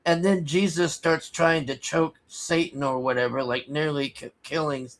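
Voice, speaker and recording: A man casually recapping a movie plot, rambling and halting with many restarts, sighing in exasperation. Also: on the high side, fairly even intonation. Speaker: movie reviewer.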